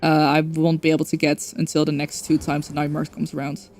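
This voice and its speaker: A woman's voice: sits low, completely flat delivery, fast talker, a little mellow, a little hiss or hum. A young woman streaming a game, chatting casually and rambling, correcting herself and swearing now and then. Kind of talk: casual livestream chat.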